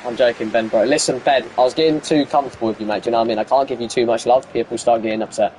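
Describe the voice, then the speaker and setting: A young man live-streaming a football video game, bantering with teammates over voice chat and shouting at the plays. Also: mid-range voice, fairly even intonation, racing, a little hiss or hum.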